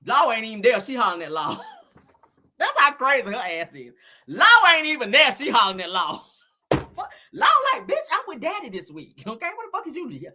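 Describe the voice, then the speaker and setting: A woman hosting a casual live commentary stream, loud and laughing, swearing and throwing in dramatic exclamations. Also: a little high, sing-song, moderate pace. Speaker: commentary livestream host.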